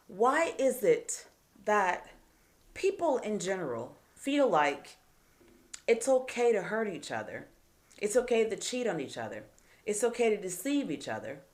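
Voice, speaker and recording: A woman hosting a live advice show, talking emphatically and asking rhetorical questions. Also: mid-range voice. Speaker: host.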